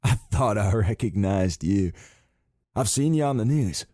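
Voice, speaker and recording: A man's voice: on the low side, expressive, measured pace, warm tone, no echo, clean studio sound. A man voicing a friendly, chatty man of about sixty in an audiobook. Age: 60s. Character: friendly man around sixty, proud son.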